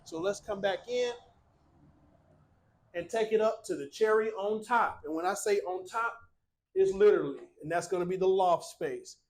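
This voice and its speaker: A man hosting a walkthrough tour of a small home, delivering an upbeat sales pitch to his viewers. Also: normal speed, poor audio. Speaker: tiny home salesman and channel host. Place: inside a small cabin-style home and on its screened porch.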